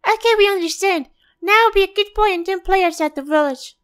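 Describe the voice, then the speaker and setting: A woman's voice: very high voice, a little fast, a bit bright, pitched above the performer's own voice. A woman voicing a tiny, chirpy female fairy companion who speaks of herself in the third person, as a fan voice-over of game dialogue. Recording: faint music behind.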